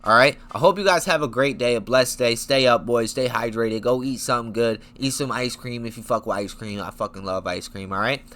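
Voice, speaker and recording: A man's voice: mid-range voice, a little fast, few pauses, fairly bright tone. A young man chatting casually about upcoming MMA fights in a hyped, profane, rambling way. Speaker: MMA commentary YouTuber. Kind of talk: casual fight-talk vlog.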